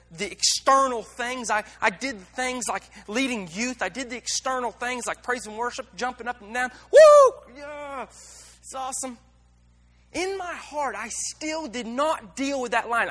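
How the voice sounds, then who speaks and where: A man's voice: sits high, bright, forceful tone. Blunt, emotional male preacher in a hall. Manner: blunt, candid, emotional, with many restarts and emphatic repeats. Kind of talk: sermon.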